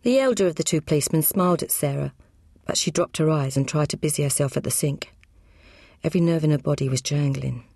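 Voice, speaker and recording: A woman reading an audiobook crime novel aloud, brisk and matter-of-fact. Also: deep voice, creaky, a little mellow, dry recording, studio quality. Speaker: audiobook narrator. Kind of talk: scripted narration.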